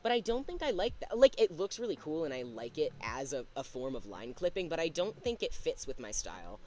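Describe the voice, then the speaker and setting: A man's voice: on the high side, big pitch swings, brisk, darkish tone. A man chatting casually on a livestream while drawing, thinking aloud and laughing at himself. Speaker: streamer.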